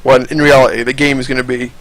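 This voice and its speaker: A man's voice: mid-range voice, level tone, fast, a bit bright, poor audio. A young man giving casual, rambling, profane commentary over fighting game footage, often restarting his sentences.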